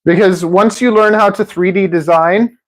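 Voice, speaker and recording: A chatty man with a high-pitched, steady voice rambles at normal speed on a home live stream, indoors near a kitchen sink. He's a streamer and drone builder who often restarts sentences and laughs at himself. The audio is poor.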